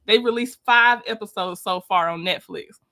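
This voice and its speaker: A woman's voice: medium pitch, moderate pace, bright, forceful tone. A woman giving a casual, chatty reality-show recap, talking straight to her viewers with opinionated asides. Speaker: YouTube commentator.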